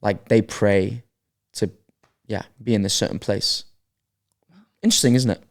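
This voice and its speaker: A man with a low, gravelly voice co-hosting a casual podcast chat. He thinks aloud as he goes, circling back and restarting his sentences. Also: fairly even intonation, measured pace. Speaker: podcast co-host.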